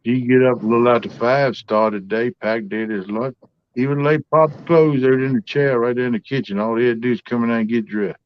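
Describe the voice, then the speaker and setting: A man's voice: mid-range voice, steady tone, brisk, muffled recording, slight background noise. A man hosting a livestream, telling family stories in a folksy, drawling way. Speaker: livestream host. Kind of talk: casual storytelling chat.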